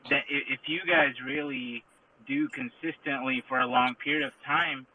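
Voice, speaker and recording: A man's voice: medium pitch, a little hiss or hum. Man on a tinny phone line. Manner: halting, lots of restarts, lecturing. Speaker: crypto commentator in audio chat room. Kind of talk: casual debate.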